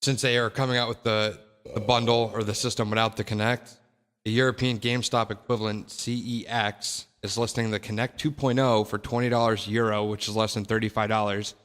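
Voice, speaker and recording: Low-voiced male guest, off-mic and roomy. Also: little pitch movement, a little fast, fairly bright tone. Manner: offhand, often away from the mic. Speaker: podcast guest. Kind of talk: casual podcast chat. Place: studio apartment. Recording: distant from mic, roomy echo.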